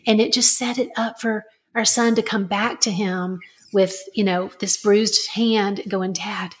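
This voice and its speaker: A woman's voice: medium pitch, flat delivery, unhurried, slight background noise. A middle-aged woman, a parenting author, earnestly telling a family story as a podcast guest. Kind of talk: conversational storytelling.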